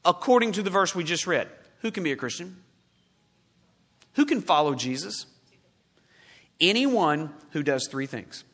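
A man preaching a sermon, forceful, with loud emphatic peaks and quiet low asides. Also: big-room sound.

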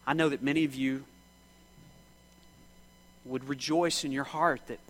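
A man preaching a sermon with passion, his voice swinging from shouting to hushed and back. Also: mid-range voice, steady tone, a little slow, slight background noise, poor audio.

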